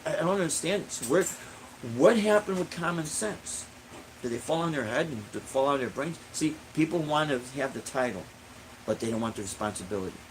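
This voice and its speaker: Middle-aged man, blunt and indignant street musician venting, slightly high voice, faint background noise. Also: animated, fairly quick, rough recording. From Illinois. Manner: blunt, indignant, repeats himself for emphasis. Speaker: busking musician, vlogger. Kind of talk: casual ranting monologue.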